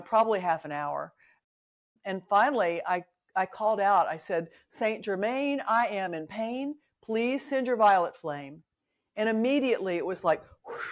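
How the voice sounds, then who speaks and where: Middle-aged woman author as interview guest: candid, chatty storyteller, mid-pitched voice, acts out quotes.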